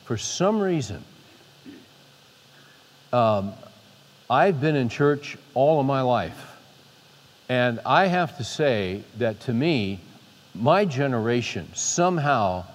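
A man's voice: medium pitch, big pitch swings, takes it slowly, long pauses. A man giving an unscripted sermon from a podium, with many restarts, building to emphatic peaks. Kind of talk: informal sermon. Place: large hall with a podium. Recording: long hall reverb.

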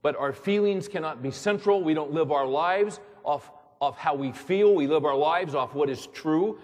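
A man's voice: a little high, normal speed, a little mellow. A man preaching as a pastor, emphatic and repetitive, pressing his listeners with rhetorical questions. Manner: emphatic, repeats words, fires rhetorical questions. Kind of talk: sermon. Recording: long reverb of a large hall.

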